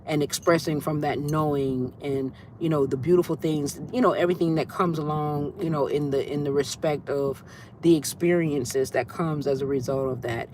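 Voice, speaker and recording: A woman's voice: deep voice, steady tone, normal speed, a little hiss or hum. Woman hosting a rambling spiritual livestream. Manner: warm, rambling, greets viewers by name. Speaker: livestream host. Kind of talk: casual spiritual livestream talk.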